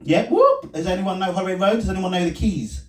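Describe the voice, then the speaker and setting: A man's voice: sits high, a little fast. A man doing a rambling, self-mocking stand-up set at a small comedy night, breaking into laughing asides. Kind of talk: stand-up set and vlog commentary. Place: small pub comedy room. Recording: echoey room recorded from a distance.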